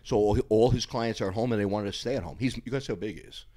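A middle-aged man, a podcast guest, telling stories in a casual, animated way, with plenty of swearing and laughter. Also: fairly low pitch, rapid-fire. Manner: animated, profane, laughing storyteller. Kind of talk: casual storytelling.

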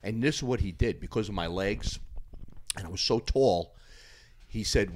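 A man in his fifties, a former bodybuilder and podcast guest, telling loud, profane, animated gym stories. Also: fairly low pitch, normal speed. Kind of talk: casual storytelling chat.

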